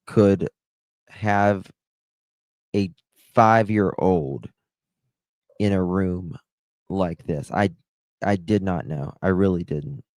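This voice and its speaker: A man hosting a true-crime livestream, talking in a halting, distressed way as his voice drops low. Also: darkish tone, no echo. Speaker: livestream host.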